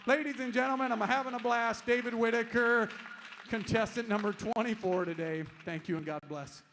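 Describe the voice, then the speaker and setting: A man's voice: extremely high pitch, fairly even intonation, moderate pace, a bit bright, a little hiss or hum. A man competing as an auctioneer, rattling off bids in a rhythmic, upbeat chant. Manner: rhythmic rolling bid calls, upbeat showman. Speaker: auctioneer contestant. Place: contest stage at a live event.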